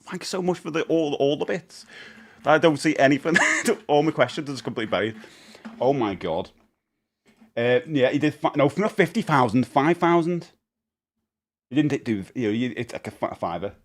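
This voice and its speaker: A man's voice: medium pitch, animated, moderate pace. A middle-aged man chatting casually on a live stream, rambling and often laughing.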